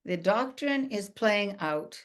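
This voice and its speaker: A woman's voice: medium pitch, expressive, takes it slowly. A woman moderating a question-and-answer session, talking conversationally and often checking in with her listeners. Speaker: event moderator.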